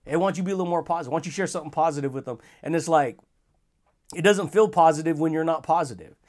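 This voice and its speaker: A man's voice: on the high side, very fast, darkish tone. A man hosting a motivational podcast monologue, talking in a casual, slangy and enthusiastic way, with frequent chuckles. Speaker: podcast host.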